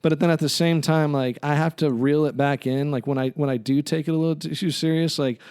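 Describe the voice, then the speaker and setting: A man's voice: a little high, fairly even intonation, a little fast, darkish tone, smooth, no room sound. A man co-hosting a podcast, talking candidly and casually and swearing now and then. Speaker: podcast co-host, yoga teacher. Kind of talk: podcast conversation.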